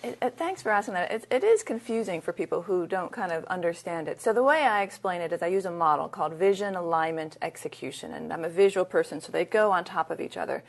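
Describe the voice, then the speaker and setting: A middle-aged woman, a leadership consultant appearing as an interview guest, tells stories candidly and conversationally with lively, anecdotal retelling. She talks fast with few pauses in a fairly low, gravelly voice.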